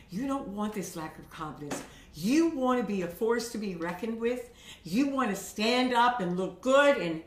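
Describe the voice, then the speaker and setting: Woman voice teacher chatting tips to the camera, mid pitch, kinda echoey room. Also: fairly bright tone, recorded from a distance. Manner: chatty and encouraging, frequent "okay?" check-ins. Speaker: vocal coach. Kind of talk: instructional talk to camera. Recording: roomy echo.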